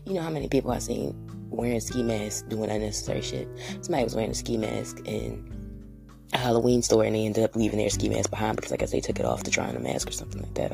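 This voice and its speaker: Very low gravelly woman ranting profanely. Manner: profane, restless, asks rhetorical questions. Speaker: podcast host. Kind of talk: rambling solo monologue.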